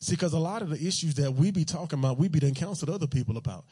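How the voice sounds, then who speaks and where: A man's voice: on the high side, lively intonation, racing, warm tone, slightly rough. A man preaching a sermon in a loose, conversational, joking way, full of everyday slang.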